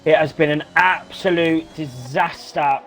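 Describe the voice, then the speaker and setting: An excitable man calls a live sim race in a fairly high voice, repeating himself and swearing when things go wrong. Faint music sits behind him. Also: a little slow. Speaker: sim racing commentator. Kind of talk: live esports race commentary.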